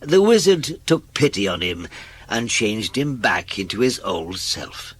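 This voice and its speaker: Husky male storybook narrator. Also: lowish voice, measured pace. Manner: expressive read-aloud. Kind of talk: storybook reading.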